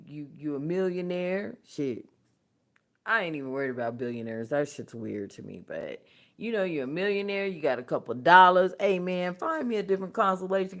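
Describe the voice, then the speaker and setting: Blunt, profane woman ranting on a livestream. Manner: blunt, profane, laughs often; swings from low mutters to loud outbursts. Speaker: spiritual channel host. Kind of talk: casual livestream talk.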